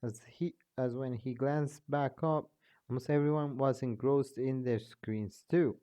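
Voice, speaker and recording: A man's voice: mid-range voice, warm tone. A young man casually reading a fan story aloud, stumbling and restarting, on a dull lo-fi home mic. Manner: slow, stumbling, restarts often. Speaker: fan fiction reader and narrator.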